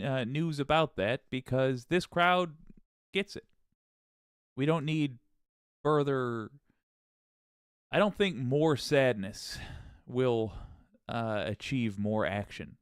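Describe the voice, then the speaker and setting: A man's voice: medium pitch, fairly bright tone, clean tone, dry recording, clean studio sound. A man hosting a casual live stream, greeting his viewers by name in an upbeat way and often restarting his sentences. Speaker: livestream host.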